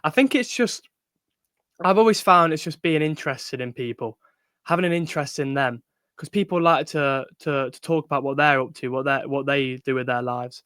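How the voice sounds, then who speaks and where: A man's voice: mid-range voice, normal speed, a bit bright, smooth, no room sound, studio quality. A young man co-hosting a podcast, talking in a supportive, conversational way. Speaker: podcast co-host. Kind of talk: casual chat.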